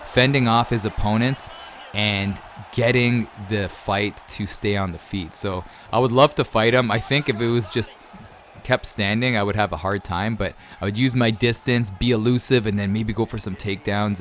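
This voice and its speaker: A man's voice: lowish voice, fairly even intonation, normal speed, a little hiss or hum. A man in his thirties, a gaming YouTuber, chatting casually as he reads out and answers viewer questions over gameplay.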